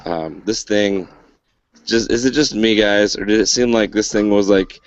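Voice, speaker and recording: A man's voice: fairly low pitch, moderate pace, muffled recording. A man hosting a casual podcast, talking loosely with lots of fillers and dry sarcasm. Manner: rambling, filler-heavy, wry sarcasm. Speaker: podcast host.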